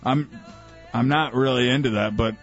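A radio host playing a nervous young male ex-football player with a halting low bro drawl, in an improvised sketch. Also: lightly acted. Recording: lo-fi radio studio with faint music.

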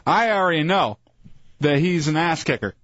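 Podcast sidekick, man, wisecracking and relaxed, dry muffled recording. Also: on the high side, normal speed, no echo. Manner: laid-back, wisecracking asides. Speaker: podcast co-host. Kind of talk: casual chat.

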